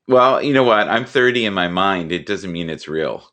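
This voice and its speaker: A man in his fifties, joking and telling animated stories in a casual chat. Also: sits low, moderate pace. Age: 50s.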